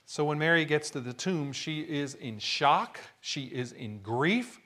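Male preacher, high bright voice, animated delivery, dramatic storyteller. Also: a little slow. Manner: dramatic storytelling, acting out quotes. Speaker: pastor. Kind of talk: sermon.

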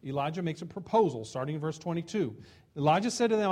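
High-voiced animated male preacher. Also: fast. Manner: lively storytelling, acting out voices and taunts. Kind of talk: sermon.

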